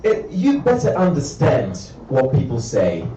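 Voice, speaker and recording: Italian guy doing standup, super animated voice, mellow tone, sounds a bit distant and dull like a live club recording. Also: unhurried, roomy sound, slight background noise. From Italy. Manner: animated, acts out characters with big pitch jumps. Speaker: stand-up comedian. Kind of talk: stand-up comedy set. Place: comedy club stage with audience.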